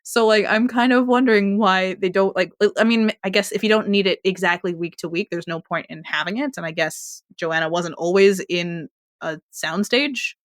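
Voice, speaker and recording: A woman's voice: mid-range voice, normal speed, no room sound, clean studio sound. A woman co-hosting a podcast, recapping a TV episode in a chatty, rambling way with restarts and laughs. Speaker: podcast co-host. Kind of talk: casual TV recap chat.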